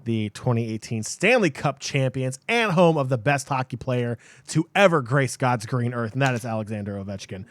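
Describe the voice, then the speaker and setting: A man's voice: mid-range voice, animated, moderate pace, hardly any pauses. A man co-hosting a gaming podcast, teasing his partner playfully and hyping up segments. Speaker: podcast co-host. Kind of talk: casual gaming podcast chat.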